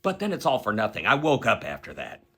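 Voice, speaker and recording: A man recounts a dream in a rambling, profanity-laced way, often laughing as he goes. His voice is bright and a little husky. His pitch swings widely and sits fairly high for a man. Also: a little fast. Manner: profane, animated, laughs while telling. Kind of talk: casual spoken dream retelling.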